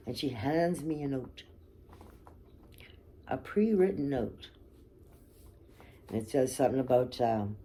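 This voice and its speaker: A woman tells her own story straight to camera in a low, warm voice. She is candid and blunt, curses freely, and keeps checking in with her listeners. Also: unhurried, long pauses. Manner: candid and blunt, swears freely, frequent "okay?" and "right?". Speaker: vlogger telling her life story.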